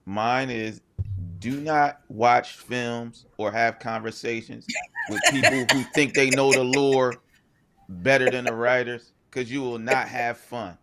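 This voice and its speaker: A man's voice: medium pitch, fairly even intonation, slow, loud music behind the voice. A man on a casual filmmaker panel giving wry, teasing advice.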